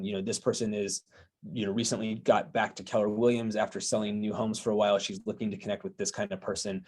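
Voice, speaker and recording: Low-voiced man explaining steadily. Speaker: guest, software co-owner. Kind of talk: explaining a product in an interview.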